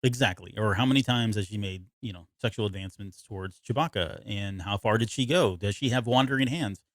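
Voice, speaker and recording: A man's voice: lowish voice, fairly quick, no echo, clean studio sound. A man co-hosting a podcast in casual chat, rambling and self-interrupting, often laughing. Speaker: podcast co-host.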